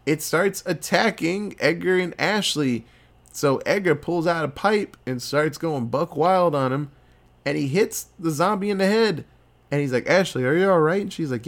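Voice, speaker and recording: A man co-hosting a podcast, retelling a horror movie plot with lively acted-out quotes and casual swearing. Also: on the high side. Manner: animated storytelling with quoted voices, swearing. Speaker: podcast co-host.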